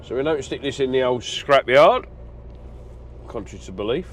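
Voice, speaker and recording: A man's voice: medium pitch, lively intonation, normal speed, fairly bright tone, a little hiss or hum. A middle-aged man, chatting casually in a trucker vlog, rambling with lots of ums and uhs. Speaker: truck driver vlogger.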